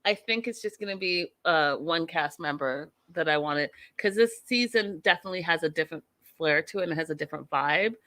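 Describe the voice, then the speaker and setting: Blunt, forceful woman host, low voice. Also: fairly quick, no room sound. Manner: blunt, outspoken, emphatic. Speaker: host of a reality TV recap show. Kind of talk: casual opinionated recap talk.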